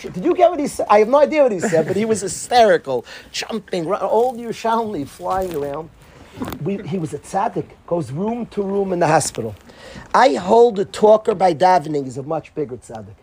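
A man's voice: high voice, darkish tone, a little hiss or hum, rough recording. A man giving an informal Torah talk, telling stories animatedly, acting out the people he quotes and mixing in Yiddish and Hebrew words. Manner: sprinkles Yiddish and Hebrew terms. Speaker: Torah teacher.

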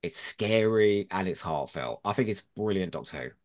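A man's voice: deep voice, lively intonation, moderate pace. A man in a casual podcast chat, arguing his picks with opinionated enthusiasm. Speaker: podcast guest.

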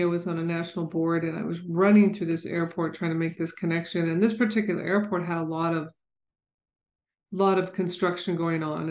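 A woman's voice: on the low side, a little mellow, echoey room. A woman earnestly telling a personal story in a candid, conversational way. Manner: earnest, candid, with frequent restarts. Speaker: speaker sharing a personal story.

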